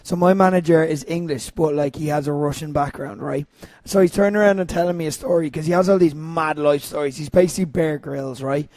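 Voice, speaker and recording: A man's voice: on the high side, fairly even intonation, fairly quick, darkish tone, no echo, studio quality. A man co-hosting a podcast, telling stories with a giggly, anxious manner. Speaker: podcast co-host. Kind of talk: casual chat.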